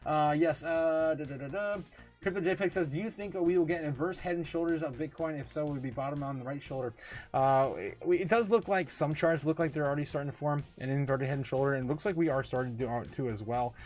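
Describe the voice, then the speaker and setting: A man hosting a casual livestream, reading viewer comments aloud, laughing often and getting excited, full of drawn-out fillers. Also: fairly high pitch, faint music behind. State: tipsy, recovering from a night of drinking. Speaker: livestream host.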